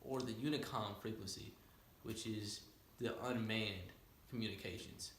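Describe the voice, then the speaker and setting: A man, a student pilot, telling a story in a casual way, rattling off radio calls in quick aviation jargon and explaining the terms. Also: fairly low pitch, fairly bright tone, echoey room. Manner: explains terms to a listener, often asking "right?".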